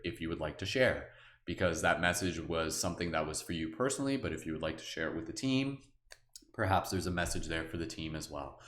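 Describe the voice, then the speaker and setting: A man with a very low voice guides listeners through a meditation. He talks slowly and softly, then shifts into relaxed, filler-heavy chat. The sound is roomy and echoey. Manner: slow, soft guiding voice, relaxed filler-heavy chat afterward. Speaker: meditation guide and live stream host. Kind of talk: guided meditation on a live stream.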